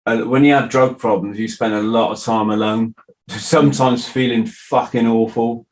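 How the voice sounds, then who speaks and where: A podcast host speaks candidly and with ease, swearing now and then. His voice is at a middle pitch. His delivery is relaxed and conversational. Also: normal speed, rough recording. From Britain. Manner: candid, easygoing, swears casually. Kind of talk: casual interview chat.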